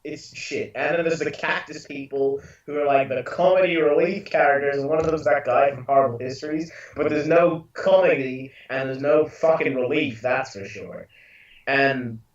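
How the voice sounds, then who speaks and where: A young man co-hosting a casual podcast rants about a TV episode, exasperated and swearing. He speaks at normal speed in a mid-range voice, picked up by an echoey, distant room mic that sounds dull.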